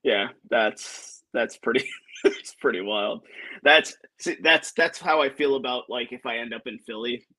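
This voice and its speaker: A man's voice: medium pitch, unhurried, bright, forceful tone. A man talking casually about sports as a guest on a podcast, answering in an easygoing, agreeable way. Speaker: guest listener.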